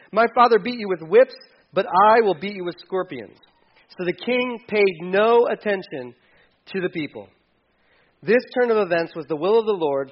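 Animated man preaching in a high voice. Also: lo-fi sound. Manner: animated, acts out the king's lines with humor. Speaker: pastor. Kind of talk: sermon.

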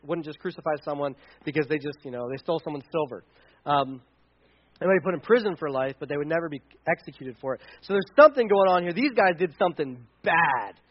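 A man's voice: a little high, lo-fi sound. A man preaching a sermon as pastor, talking in a conversational way and often restarting his sentences.

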